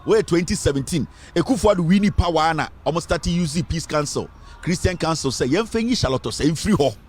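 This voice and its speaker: A man's voice: on the high side, expressive, fast, darkish tone, breathy edge. A man with a Ghanaian accent hosting an online news show, emphatic and repeating phrases as he comments on politics. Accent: Ghanaian English. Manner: switches between English and Twi, emphatic, repeats phrases.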